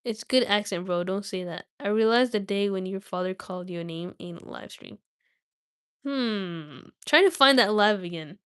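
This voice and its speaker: A woman's voice: mid-range voice, normal speed, fairly bright tone, clear, resonant tone, no room sound, studio quality. Young woman reading aloud on a live stream. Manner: reads with small slips and restarts, chats casually with viewers.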